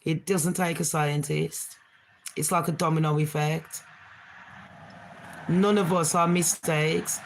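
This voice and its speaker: A woman's voice: sits low, steady tone, slow pace, vocal fry, pauses often, a little hiss or hum. A middle-aged woman, hosting a casual live chat with her viewers in a rambling, frank, slangy way. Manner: slangy street talk. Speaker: livestream host.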